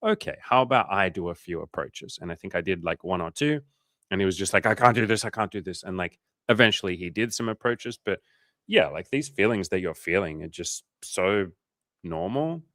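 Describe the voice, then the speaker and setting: A man's voice: low-pitched, expressive, normal speed, a bit bright, no room sound, studio quality. A young man coaching on a livestream, chatting casually, joking and swearing while reassuring viewers. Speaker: dating coach. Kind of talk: casual livestream chat reading viewer comments.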